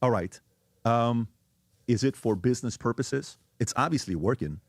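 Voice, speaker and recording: A man's voice: medium pitch, animated, normal speed, no echo, studio quality. A man talking in an interview, arguing emphatically and firing off rhetorical questions. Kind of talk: interview conversation.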